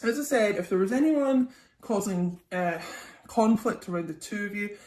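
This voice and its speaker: A woman's voice: mid-range voice, expressive, moderate pace, darkish tone. A young woman, a tarot reader, chatting casually through a psychic reading with lots of ums and okays. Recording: echoey room, faint noise.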